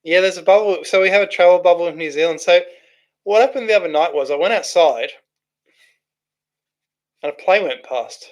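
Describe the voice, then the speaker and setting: Chatty man, slightly high voice. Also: fairly quick, long pauses, a little mellow. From Australia. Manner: chatty, rambling, thinks aloud with restarts. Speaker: livestream host reading chat. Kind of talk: casual live chat.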